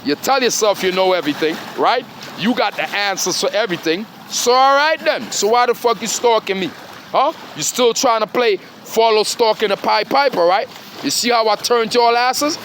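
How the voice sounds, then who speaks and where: Man, high register, confrontational profane rambling rant, faint background noise. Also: moderate pace, a bit bright. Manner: confrontational, profane, repeatedly says "dog" and "huh". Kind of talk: rambling monologue.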